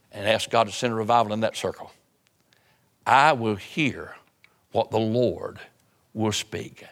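A man preaching a sermon to his church in a conversational way, repeating phrases and dropping his voice low for emphasis. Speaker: pastor.

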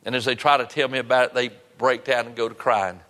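A man's voice: medium pitch, steady tone, fast, fairly bright tone, big-room sound. A man preaching a sermon and leading an altar call, earnest and pleading, repeating his phrases for emphasis. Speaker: pastor.

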